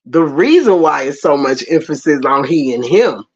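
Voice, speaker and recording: A woman's voice: sits low, sing-song, moderate pace, a little mellow. Emphatic woman preaching, lo-fi. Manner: emphatic, repeats phrases, talks directly to the congregation. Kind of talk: sermon.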